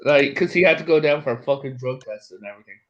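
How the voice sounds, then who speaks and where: A man's voice: mid-range voice, lively intonation, fast talker, a little hiss or hum. Man, casual storyteller, foul-mouthed and jokey, lo-fi audio. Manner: profane, jokey, acts out voices in anecdotes.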